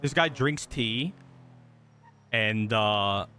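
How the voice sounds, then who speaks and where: A streamer playing a police officer in a roleplay game talks in a low-ish, animated voice, extremely slow, pushed and bright, with slight background noise. Laid-back, he swears casually and laughs easily through casual stream chat and in-game radio chatter.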